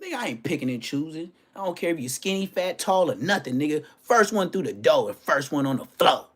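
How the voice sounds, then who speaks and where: A man hosting a livestream, telling stories in a brash, profane way, dropping to hushed asides and then bursting out loudly. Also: a little high, sing-song, a little fast. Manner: brash, profane, swings between hushed asides and loud outbursts; storytelling with boasts and street slang. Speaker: livestream host. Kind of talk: casual profane livestream rant.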